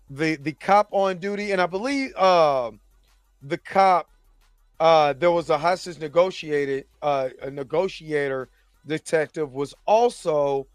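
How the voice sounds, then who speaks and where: Man, high voice, AAVE, animated casual recap host, dry close sound, faint music behind. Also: smooth, no room sound. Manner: animated, acts out characters' lines in his own voice. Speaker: show host.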